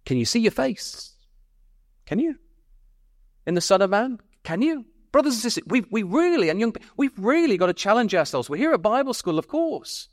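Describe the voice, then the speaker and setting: A man's voice: sits high, big pitch swings, moderate pace, no room sound, studio quality. A man preaching a sermon at a Bible school, earnestly pressing his listeners with repeated questions and stumbling over his words when stirred.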